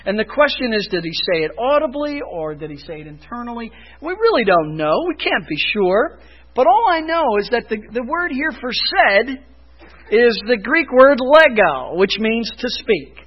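A man preaching a sermon as pastor, emphatic, rising loud for emphasis and dropping low. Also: very animated, normal speed, highs cut off.

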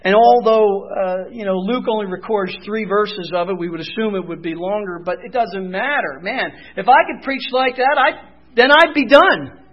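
A man preaching a sermon in a very high voice, pushing hard to shouted, emphatic peaks and then falling back to near-quiet asides. The recording is muffled and lo-fi. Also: normal speed. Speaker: pastor.

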